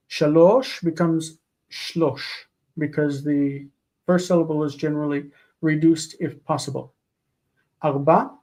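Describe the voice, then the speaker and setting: A man teaching a live online grammar lesson, explaining patiently and slowing down to spell out forms. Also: on the high side, warm tone.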